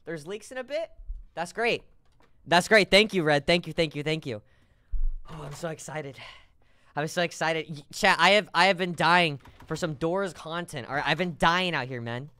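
A man streaming a game live, talking to his chat in an excitable, joking way with sudden shouts. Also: a little high, moderate pace, clean tone, no echo.

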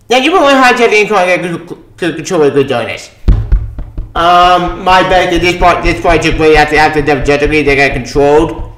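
A man's voice: on the high side, a bit bright, reverberant. A man giving a casual spoken comic book review. He rambles, sounds exasperated and swears often.

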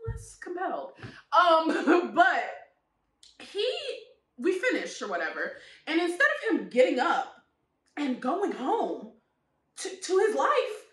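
A young woman vlogger telling candid stories in a casual, animated way, laughing often. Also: sits high, reverberant. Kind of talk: casual storytelling vlog.

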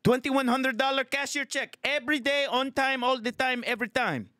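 A man's voice: moderate pace, pushed and bright, clear, resonant tone, no room sound, studio quality. A man voicing a furious male tenant with a Filipino accent, ranting in a comedy sketch. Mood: indignant rant. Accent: Filipino, put on. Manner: ranting, high-pitched, indignant.

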